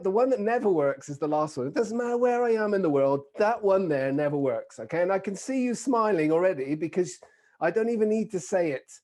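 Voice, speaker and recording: Brief: British man, middle-aged, keynote speaker on a video call, mellow and a bit high, playful and engaging. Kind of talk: online keynote talk. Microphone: video call microphone.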